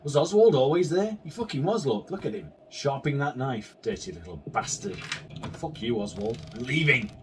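Lively, foul-mouthed man playing a game. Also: medium pitch, moderate pace, a little hiss or hum. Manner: agitated, swears constantly, talks back to the game. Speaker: gaming video creator. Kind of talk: let's play commentary. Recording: distant mic with faint game music.

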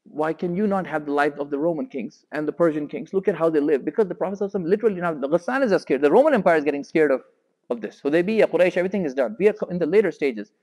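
Fast-talking man lecturing in a hall. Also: fairly high pitch. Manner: animated, raises voice sharply when quoting figures. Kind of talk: storytelling religious lecture.

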